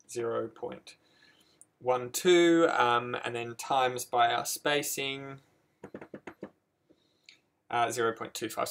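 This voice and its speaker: Guy explaining code, kinda gravelly, stops and restarts a lot, ums everywhere. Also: mid-range voice, a bit bright. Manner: hesitant, many ums and restarts. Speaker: coding tutor. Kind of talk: screen-recorded code walkthrough.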